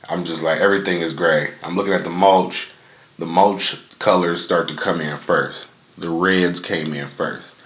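A man's voice: low voice, a bit bright, echoey room. A young man hosting a podcast, telling a story in a loose, profane, rambling way from his front yard. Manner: laid-back, profane, rambling with many fillers. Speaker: podcast host. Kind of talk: casual storytelling.

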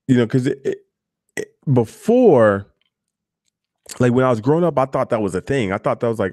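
Expressive and brisk, this barber's dark, mid-range voice delivers casual advice right to the listener. He speaks loosely and frankly, with lots of fillers and side comments, in a clean studio recording with no room sound.

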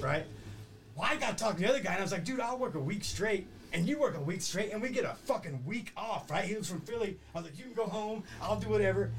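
A middle-aged man telling a rambling, profane story in casual chat. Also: high-pitched. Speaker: podcast host.

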